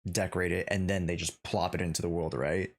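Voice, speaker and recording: A man on a podcast chatting in an easygoing, halting way. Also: deep voice, level tone, a little hiss or hum. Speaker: podcast guest. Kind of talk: casual chat.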